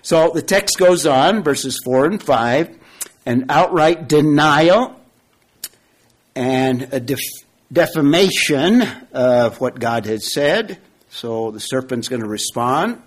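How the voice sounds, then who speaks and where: Slow, deliberate male preacher. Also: mid-range voice, animated. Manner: slow, deliberate, repeats key phrases, asks the audience questions. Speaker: preacher teaching from Genesis. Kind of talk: expository sermon.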